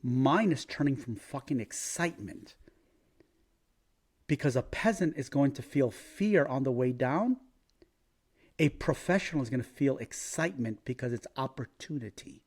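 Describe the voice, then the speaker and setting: A man's voice: mid-range voice, expressive, normal speed, a little mellow, husky. A brash, profane man giving casual market commentary as a crypto trading vlogger, thinking aloud while checking charts.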